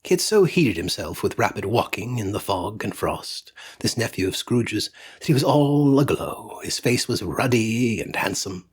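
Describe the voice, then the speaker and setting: A man narrating a classic story as a dramatic audiobook reading. His husky voice moves through a wide, lively pitch range. He often sinks to a near whisper. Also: moderate pace. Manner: expressive, drops to a near whisper at times.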